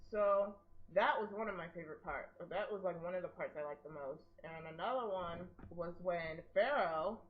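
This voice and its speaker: A young woman in casual chat, retelling a film with animated, quoted character voices. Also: on the low side, moderate pace, few pauses. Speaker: co-host discussing a film. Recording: dull lo-fi sound.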